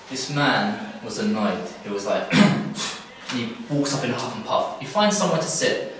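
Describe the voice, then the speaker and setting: A young man giving a religious talk at a camp, telling a story in a lively way and acting out the people in it. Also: mid-range voice, moderate pace, heavy reverb, distant mic, slight background noise, rough recording. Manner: animated, acts out characters in the story. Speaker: camp speaker. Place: hall at a youth camp.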